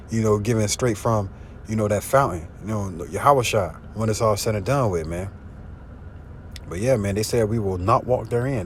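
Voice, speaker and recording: Guy preaching off his phone, slangy, cussing, faint hum behind. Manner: casual slangy talk, swearing, keeps asking "you see what I'm saying"; louder and higher when reading scripture aloud. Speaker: street preacher. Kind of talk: informal preaching and scripture reading. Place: in a car.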